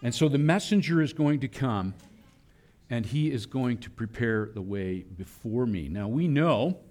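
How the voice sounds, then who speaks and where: A man preaching a sermon, animated, acting out voices in quoted lines. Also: mid-range voice, unhurried. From Philadelphia area. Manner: animated preaching, voicing God and children in quotes. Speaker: pastor.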